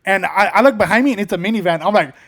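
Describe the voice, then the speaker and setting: A man's voice: high-pitched, rapid-fire, fairly bright tone. A young man co-hosting a casual podcast, telling rambling stories with lots of swearing and acted-out quotes. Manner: rambling storyteller, swears often, acts out quotes. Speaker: podcast co-host.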